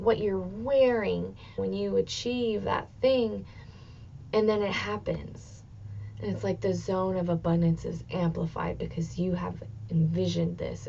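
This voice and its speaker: A woman in her thirties hosting a motivational solo podcast, talking expressively and swearing freely, with bursts of excitement. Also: mid-range voice, creaky, dull audio, a little hiss or hum. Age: 30s. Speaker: podcast host.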